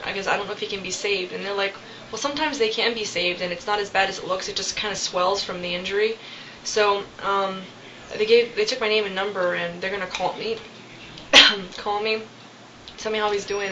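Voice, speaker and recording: A woman's voice: medium pitch, slight background noise. Chatty young woman on lo-fi webcam. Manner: chatty, animated, many fillers and quoted asides. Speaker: vlogger. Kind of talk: casual storytelling vlog.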